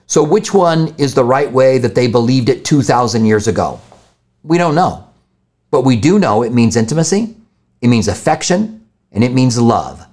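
Man teaching, relaxed and unscripted. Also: medium pitch, normal speed. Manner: casual, thinking aloud with fillers and restarts. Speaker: pastor answering viewer questions. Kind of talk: live-stream Bible Q&A.

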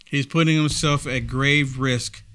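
A man's voice: mid-range voice, fairly even intonation, a little slow, sharp tone, clean tone. A man hosting a political commentary show, emphatic, repeating himself and asking rhetorical questions. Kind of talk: opinionated commentary.

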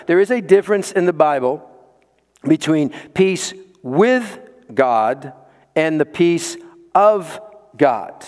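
High-voiced pastor preaching in a reverberant hall. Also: male voice. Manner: emphatic, repeats words for stress, rising to pointed questions. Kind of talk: sermon.

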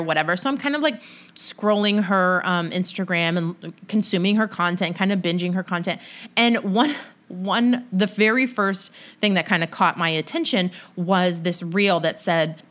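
A young adult woman with a mid-range voice, a business coach, gives advice on her solo podcast. She's casual, chatty and animated, telling stories packed with "like".

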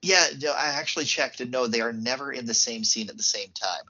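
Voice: mid-range voice, a little fast, bright, forceful tone, highs cut off. A podcast co-host casually recapping a film plot, laughing often.

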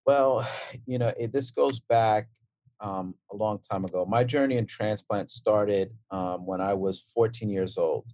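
A man in his forties from Brooklyn with a Brooklyn accent, a transplant surgeon talking as a guest in a relaxed, storytelling way with fillers and restarts. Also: fairly low pitch, unhurried, no echo. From Brooklyn, New York. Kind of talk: casual interview talk.

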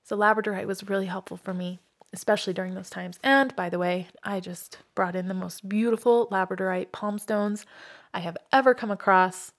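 Earnest woman with a gravelly edge. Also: mid-range voice, steady tone, a little fast. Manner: warm, earnest, heartfelt storytelling. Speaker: crystal shop owner. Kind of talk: casual talk about healing stones.

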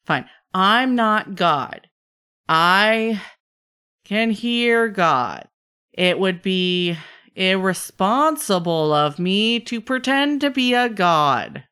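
A woman's voice: medium pitch, sing-song, a little slow, fairly bright tone. A woman voicing a weary male mage who sighs and dodges questions. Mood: exasperated. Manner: exasperated, evasive, sighing. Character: weary male mage talking to unseen voices.

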